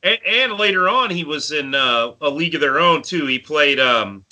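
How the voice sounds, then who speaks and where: A podcast co-host in his forties, with a slightly high, bright and forceful voice, chats casually about a favorite movie at normal speed. His intonation is lively as he tells a story from his countryside youth, acting out his friends' voices.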